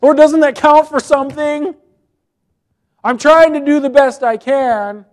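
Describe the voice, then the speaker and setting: A whiny, self-pitying ancient king pleads in a strained high voice, as a preacher acts him out. He sounds loud and aggrieved, as if he is owed something. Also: measured pace. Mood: pleading.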